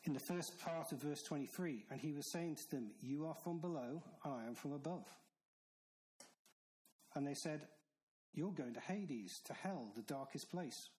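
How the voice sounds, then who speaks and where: A man delivering a sermon, his voice sitting a little high for a man. He preaches in an earnest, stern way and drives his points home through repetition. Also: normal speed, a little mellow, rough recording. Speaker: pastor.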